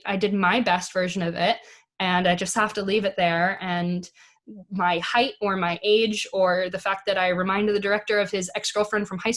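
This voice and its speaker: A woman speaking as an actress guest in a casual interview, chatty, with many fillers and easy laughs. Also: medium pitch. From United States.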